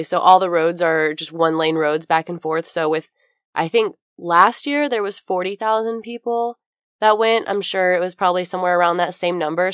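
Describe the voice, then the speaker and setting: A young woman hosts her podcast in a relaxed, chatty storytelling mode, peppering her sentences with "like." She is getting over a cold, yet her voice sits fairly low and sounds smooth and clear. The recording is dry and close. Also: dry recording. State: recovering from a cold. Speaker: podcast host. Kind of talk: casual chat.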